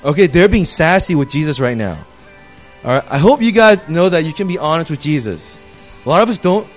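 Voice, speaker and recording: A young man giving a casual, conversational sermon as a youth pastor, animated and full of slang. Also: on the high side, fairly quick, soft background music.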